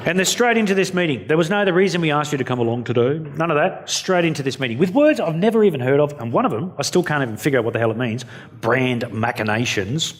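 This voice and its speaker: An Australian man delivers a keynote at a conference venue, blunt and self-mocking, acting out what people said. His fairly high voice moves quickly with lively intonation over slight background noise.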